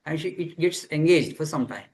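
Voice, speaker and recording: This monk's voice sits on the high side, animated and fairly quick with a darkish tone, though the audio is poor. Teaching students over video, he answers their questions earnestly and repeats phrases as he looks for words.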